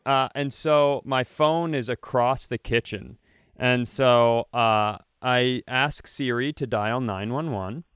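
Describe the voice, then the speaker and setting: A man's voice: mid-range voice, takes it slowly, clean tone, no echo, clean studio sound. A middle-aged man, a comedian co-hosting a podcast, telling a story casually, acting out quotes with plenty of fillers. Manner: animated, acts out quotes with fillers.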